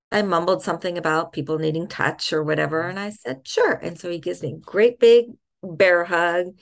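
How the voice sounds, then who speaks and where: A middle-aged woman telling a personal faith story as a podcast guest, soft-spoken with thoughtful pauses. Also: on the low side, vocal fry.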